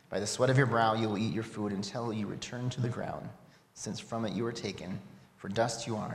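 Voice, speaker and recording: A man preaching a sermon, reading scripture aloud and asking reflective, rhetorical questions. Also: medium pitch. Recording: echoey hall with long reverb.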